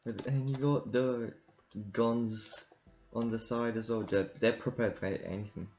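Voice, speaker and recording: A man's voice: medium pitch, fairly even intonation, measured pace, darkish tone. A man giving rambling, casual commentary while playing a game, laughing often. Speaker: gamer. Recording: dull lo-fi recording with game music. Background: game music.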